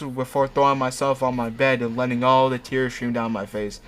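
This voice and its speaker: A man's voice: mid-range voice, fairly even intonation, fairly quick, hardly any pauses, fairly bright tone, slight background noise. A man hosting, reading fanfiction aloud with mocking asides, laughing often and tripping over his words. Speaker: host.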